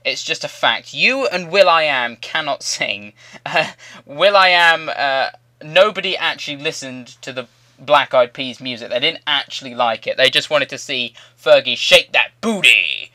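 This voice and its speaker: A man's voice: mid-range voice, animated, a little slow, pushed and bright, no room sound. A young man in his late teens hosting his channel, rambling through a cheeky, crude story in casual commentary. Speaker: channel host.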